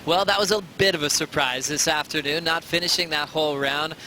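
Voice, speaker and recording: A man's voice: fairly high pitch, brisk, sharp tone, slight background noise, poor audio. A man hosting a post-show sports broadcast, polished and steering the talk with questions to his analysts. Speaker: host.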